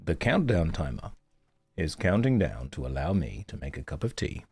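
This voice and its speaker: A man hosting a casual game stream in a groggy, just-woken-up voice. His tone sits very low and deep, and he jokes drily at his own expense. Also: very animated, normal speed, a little mellow, slightly rough. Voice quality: groggy morning voice. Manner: dry, joking, self-mocking. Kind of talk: casual live-stream chat.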